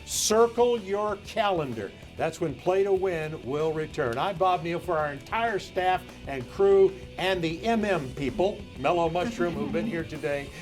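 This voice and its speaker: A man's voice: fairly high pitch, animated, measured pace, hardly any pauses, soft background music. Jovial man hosting a sports show. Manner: jovial, joking. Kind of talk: casual studio talk. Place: studio.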